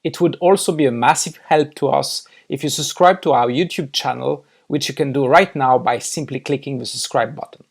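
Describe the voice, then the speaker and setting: A man's voice: mid-range voice, normal speed, gravelly, hardly any pauses. A man with a French accent, a native French speaker, hosting a podcast in a friendly manner and reading the show's introduction. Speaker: podcast host. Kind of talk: casual chat and scripted show intro.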